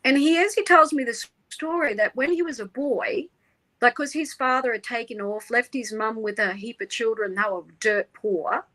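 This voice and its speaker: A woman, an interview guest, tells a personal story in an animated way, laughing often and acting out the people she quotes. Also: fairly high pitch, moderate pace, low-quality recording.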